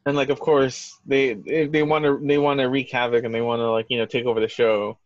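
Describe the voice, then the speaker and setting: A man's voice: mid-range voice, level tone, a little fast, no room sound, lo-fi sound. A man co-hosting a wrestling podcast, rambling through casual chat with lots of fillers and restarts. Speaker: podcast co-host.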